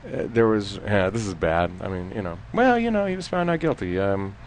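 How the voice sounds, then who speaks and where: A man telling courtroom stories in a casual chat, laughing often and trailing off into quieter asides. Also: fairly low pitch, sing-song, a little fast, slight background noise. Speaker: former defense lawyer telling stories.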